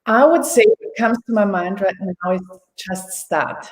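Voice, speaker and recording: A woman in her thirties answering as an interview guest, easygoing and quick to laugh. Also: medium pitch. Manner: laughing, relaxed. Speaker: interview guest, business facilitator. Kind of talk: casual interview chat.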